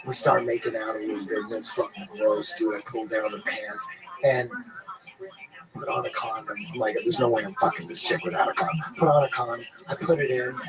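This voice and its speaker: A man's voice: lowish voice, fairly even intonation, brisk, over a noisy crowd, low-quality recording. A man guest on a podcast, telling a rambling, profane story in a laid-back, casual way.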